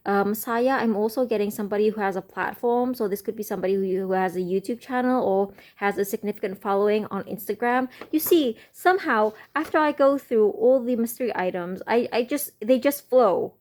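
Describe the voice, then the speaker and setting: A woman reads tarot cards at a slow, musing pace, trailing off into pauses and fillers between thoughts. Her voice is mellow and soft-edged, sitting at a middling pitch. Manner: speaks slowly. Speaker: tarot reader. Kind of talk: slow channeled tarot reading.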